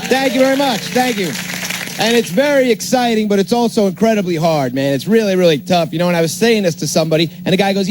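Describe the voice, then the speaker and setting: A man's voice: high voice, fast. A man in his thirties with a New York accent, doing a stand-up set with sarcastic, biting jokes before a laughing club crowd. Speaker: stand-up comedian. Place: comedy club stage with laughing audience. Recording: echoey club with crowd noise.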